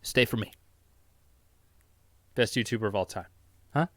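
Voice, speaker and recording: In a dry recording, a man with a fairly low, fairly bright voice speaks a little slowly. He's a YouTuber running a solo podcast from his home basement, rambling, self-mocking, and swearing freely.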